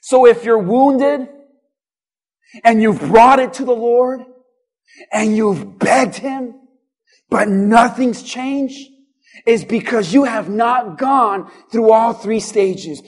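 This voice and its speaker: A man pastor preaching a sermon in a church, building up with repeated lines and at times shouting. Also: very high voice, slow pace.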